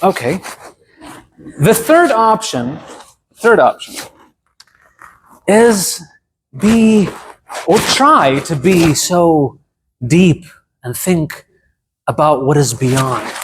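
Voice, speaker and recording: A man in his thirties from Saudi Arabia with a Saudi Arabian accent, giving a humorous club speech with dramatic pauses and asides. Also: a little high. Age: 30s. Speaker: public speaker. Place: club meeting room. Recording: noisy room recording.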